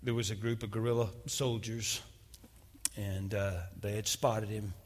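A man's voice: on the low side, level tone, a little slow. A male pastor preaching a sermon and dramatically retelling a testimony. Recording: long reverb of a large hall.

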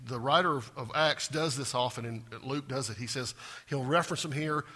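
A man preaching a sermon as pastor, animated, acting out scripture scenes and putting questions to his congregation. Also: medium pitch, fairly quick, husky. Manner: animated, acts out scripture quotes with rising intensity; asks the congregation direct questions.

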